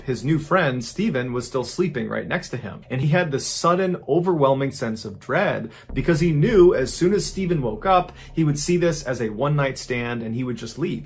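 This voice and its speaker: Grave male true crime narrator. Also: medium pitch. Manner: measured, grave storytelling with quoted dialogue. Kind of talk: scripted true crime storytelling.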